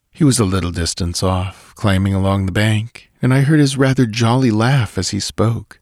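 Low-voiced man reading a story, dry sound. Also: steady tone, darkish tone, no room sound. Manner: measured, deliberate reading. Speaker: audiobook narrator. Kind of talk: scripted story narration.

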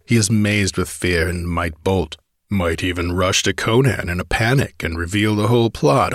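A man's voice: fairly low pitch, dry recording, clean studio sound, natural voice. A man reading an audiobook, voicing a cold, ambitious outlaw who sneers and gives orders. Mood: commanding. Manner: sneering, imperious threats. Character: scheming ambitious male outlaw noble, cold and commanding.

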